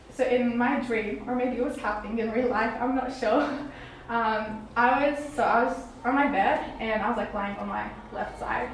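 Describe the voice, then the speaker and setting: A woman's voice: a little high, a little hiss or hum. Young woman, echoey room from far off. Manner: rambling, many fillers and restarts. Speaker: testimony speaker. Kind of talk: personal testimony.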